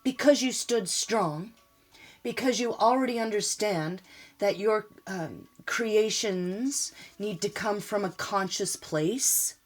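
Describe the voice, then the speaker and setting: A woman's voice: mid-range voice, slow pace, faint music behind. A woman giving a casual spoken tarot reading, talking in a rambling, emotional way and often laughing. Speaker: tarot reader.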